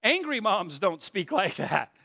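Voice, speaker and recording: High-voiced pastor preaching in a dry room. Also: male voice, very animated, unhurried, creaky, pushed and bright, no room sound. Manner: earnest, with joking asides and self-deprecating stories. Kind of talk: conversational sermon.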